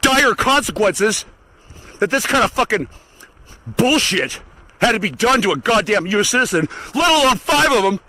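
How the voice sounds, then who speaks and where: Pissed off guy ranting alone, high bright voice, vocoder on it, swears nonstop. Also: sing-song, moderate pace, dry recording, low-quality recording. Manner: angry, profane, swearing constantly. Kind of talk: solo ranting monologue.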